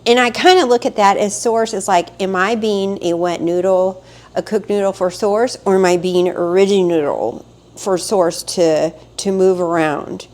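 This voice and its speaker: A woman coach delivers a motivational monologue close to the mic. Her voice sits at a middle pitch and climbs into emphatic, animated bursts. Now and then she acts out panicked inner voices. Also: a little slow. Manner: animated, rising to emphatic outbursts. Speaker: spiritual life coach.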